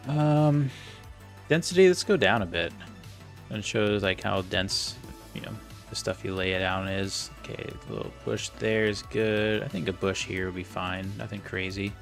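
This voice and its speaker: A game modder and video creator gives casual commentary while playing and editing a game, thinking aloud and talking himself through each step. His deep voice is level and slightly bright with vocal fry, at a moderate pace, and faint music plays behind him.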